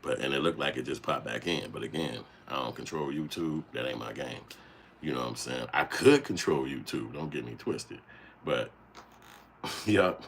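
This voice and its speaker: A man hosting a casual livestream, talking with animated, profane energy and acting out the voices he quotes. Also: a bass voice, moderate pace, vocal fry, a little hiss or hum. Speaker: channel host.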